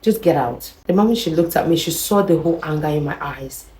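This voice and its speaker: Woman, young adult, low voice, casual storytelling vlog, echoey room. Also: fast. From Nigeria. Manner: chatty and animated, repeating words and adding "you know" as she goes. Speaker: vlogger.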